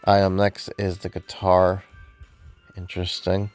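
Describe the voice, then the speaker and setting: A man casually commenting on a game he is playing, relaxed and hesitant with many fillers, sounding sleepy. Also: low voice, a little slow, soft background music. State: sleepy, yawning. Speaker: gameplay video host.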